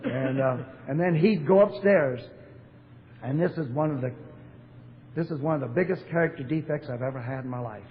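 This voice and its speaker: A man's voice: medium pitch, moderate pace. Older man telling his story in an echoey hall. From Portland, Oregon, USA. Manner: storytelling, blunt, wry humor with fillers. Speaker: AA speaker. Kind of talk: recovery talk to a convention audience. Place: large convention hall. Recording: echoey hall, phone-like narrow sound, faint hiss.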